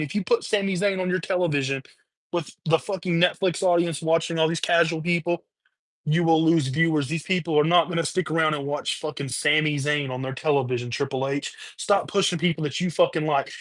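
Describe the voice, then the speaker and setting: A man's voice: a little high, fairly bright tone, no echo. Furious, swearing man ranting on stream. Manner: heated, profane, repetitive ranting. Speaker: livestream host. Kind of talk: angry rant on a livestream. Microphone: webcam or streaming mic.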